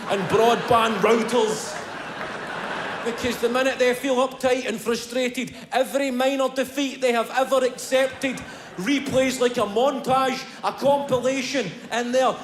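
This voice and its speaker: A Scottish man doing animated stand-up comedy, swearing freely and putting on the voices of family members. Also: very high voice. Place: live comedy venue with audience. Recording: roomy live venue with crowd noise.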